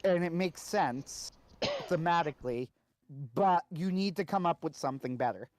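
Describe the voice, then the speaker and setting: A man's voice: on the high side, normal speed, darkish tone, no room sound. A man co-hosting a casual podcast discussion, talking conversationally and often checking in with "right?". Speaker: co-host.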